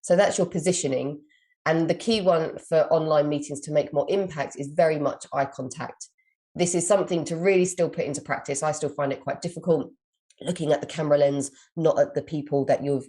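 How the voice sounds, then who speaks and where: A woman's voice: low voice, steady tone, a little fast, warm tone. A British woman in her young adult years, a communication coach answering listener questions in a live Q&A, reading each question aloud and then giving long, encouraging advice.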